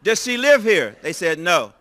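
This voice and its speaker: An older man preaching, telling a personal story in a lively way and acting out the dialogue. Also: fairly high pitch, moderate pace. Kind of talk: storytelling sermon.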